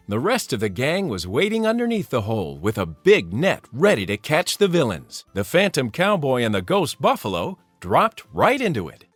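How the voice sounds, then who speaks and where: A man narrating a children's storybook read-aloud in an expressive storytelling manner. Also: on the high side, no room sound.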